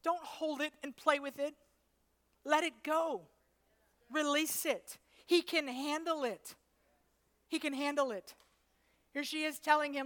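A woman preaching a sermon, rising from soft, intimate passages to loud, shouting peaks. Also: high voice, fairly even intonation, a little slow, long pauses. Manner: preaches in rising waves, building to shouts then dropping soft.

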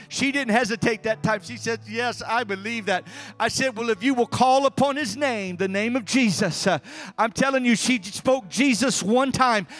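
A man preaching a sermon as a pastor, telling a testimony fervently with frequent hallelujahs and amens, stumbling over repeated words in calmer stretches. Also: very high voice. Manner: halting repetitions when calm.

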